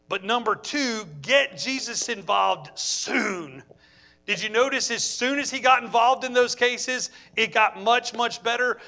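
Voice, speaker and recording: A middle-aged man preaching a sermon, telling stories in an animated way and acting out his own reactions. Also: high voice. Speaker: pastor.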